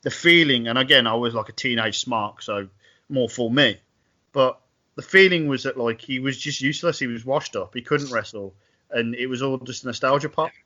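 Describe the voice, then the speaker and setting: Bright man recapping on a podcast. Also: mid-range voice, moderate pace, lo-fi sound. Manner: recaps events, wry and animated. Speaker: podcast co-host. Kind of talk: casual podcast chat.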